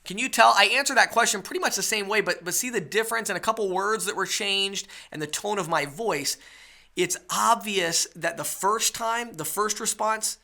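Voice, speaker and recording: A man's voice: high voice, normal speed, bright, forceful tone. A man teaching a webinar sales lesson, coaching his listeners and checking in with rhetorical questions. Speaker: sales trainer.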